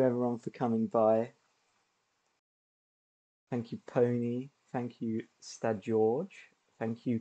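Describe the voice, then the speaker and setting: Laid-back male streamer, unhurried delivery, chatty, quick to laugh. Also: mid-range voice. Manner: relaxed, chatty, laughs often. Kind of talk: casual gameplay commentary.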